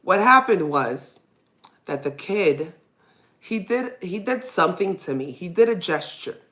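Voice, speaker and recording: Candid mom-host, lowish voice, chatty and rambling, laughs off her nerves. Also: lively intonation, a little slow, fairly bright tone. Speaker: podcast host, mother. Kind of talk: casual personal storytelling.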